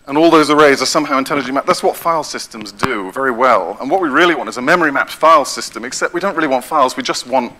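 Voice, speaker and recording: A man giving a technical conference talk, briskly explaining with frequent self-corrections while pointing at his slides. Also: mid-range voice, bright, forceful tone. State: out of breath. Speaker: conference speaker.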